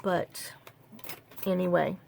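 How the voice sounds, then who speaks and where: This is a woman, talking straight to the camera in a casual, wandering way. Her voice sits low and has a rough, gravelly edge. She keeps cutting herself off and adding dry, half-joking asides. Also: fairly even intonation, takes it slowly, darkish tone, no echo. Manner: rambling, self-interrupting, half-joking. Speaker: craft vlogger.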